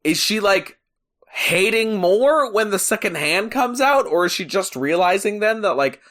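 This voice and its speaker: An animated podcast co-host talks in a casual, joking way, often sounding incredulous. Their pitch swings widely from line to line. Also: measured pace. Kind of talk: casual chat.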